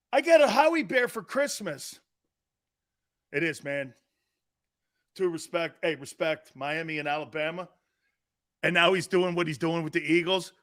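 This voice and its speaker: A middle-aged man hosting a casual sports talk show, loud and jokey, bursting into shouts. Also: high-pitched.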